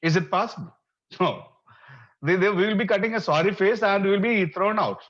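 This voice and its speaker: A university lecturer teaches in a slightly high-pitched man's voice. He repeats his phrases, fills pauses with "uh" and keeps asking the class rhetorical questions. The sound is dull and lo-fi, as in a recorded online lecture. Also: fairly bright tone.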